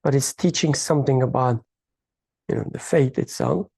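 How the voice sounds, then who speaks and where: A speaker in a faith study circle who explains a hadith in a halting, reflective way, searching for words and using uneven English grammar. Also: medium pitch, vocal fry, dark tone, breathy edge, no echo.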